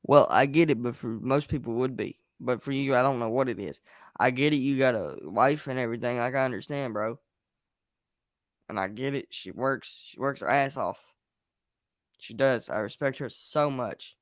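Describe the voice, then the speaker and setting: A man's voice: medium pitch, moderate pace, dry recording, studio quality. A man hosting his own show at home, ranting bluntly and repeating himself, with frequent swearing. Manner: frustrated, blunt, repetitive, swearing. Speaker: podcast host. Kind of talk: angry solo rant on a live stream. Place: home at night, a partner asleep nearby.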